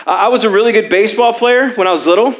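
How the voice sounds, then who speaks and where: A man's voice: high-pitched, very fast. A young man preaching a sermon as pastor, telling personal stories with self-deprecating humor and frequent laughs.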